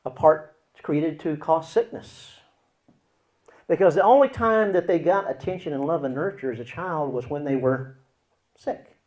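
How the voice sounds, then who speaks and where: Dramatic higher-voiced male counselor. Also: normal speed. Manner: dramatic, swings between loud and hushed delivery. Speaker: Christian counselor teaching. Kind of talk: teaching talk with acted examples.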